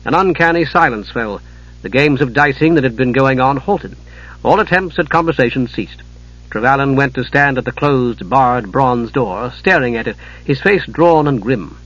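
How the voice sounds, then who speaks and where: A man reading an audiobook in a measured, dramatic narration, on a dull lo-fi recording. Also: medium pitch, a bit bright, husky.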